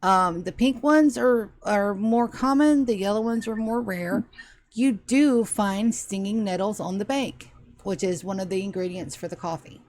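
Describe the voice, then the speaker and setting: A woman's voice: mid-range voice, measured pace, darkish tone. Casual woman game master. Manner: casual, swears freely. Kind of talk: narrating a tabletop game.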